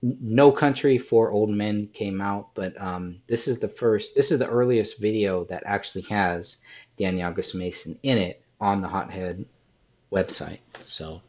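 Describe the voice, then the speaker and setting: A slightly hoarse man hosting a podcast, his voice sitting on the low side. He talks in a methodical, hesitant way, pausing often with ums as he works through his points. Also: a little mellow. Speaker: podcast host. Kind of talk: casual podcast discussion.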